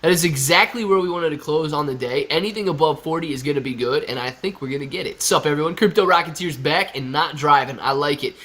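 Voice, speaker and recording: A man with a fairly high voice, sounding stuffy and congested, hosts a relaxed live stream. He chats loosely, jokes around and reads viewers' comments out loud. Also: quick pace, few pauses. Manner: reads chat comments aloud, joking and chatty. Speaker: livestream host. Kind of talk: casual live stream chat.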